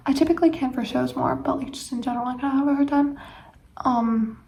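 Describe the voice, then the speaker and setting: A woman's voice: high voice, steady tone, quick pace, gravelly, mellow, a little hiss or hum. A teenage girl vlogging late at night, tired, rambling with lots of fillers and often dropping to a whisper. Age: teens. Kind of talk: late-night casual chat to camera.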